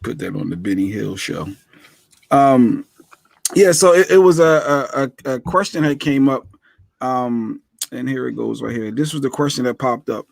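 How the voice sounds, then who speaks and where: A man co-hosting a casual talk show, halting and filling pauses with um and uh. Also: medium pitch, animated, creaky, no echo. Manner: halting, fills with um and uh. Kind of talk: casual chat.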